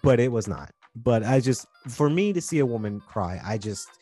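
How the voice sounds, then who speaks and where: A man's voice: mid-range voice, expressive, normal speed, mellow, faint music behind. Rambling, earnest young male podcast host. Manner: rambling and earnest, with repeated restarts. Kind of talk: casual podcast monologue.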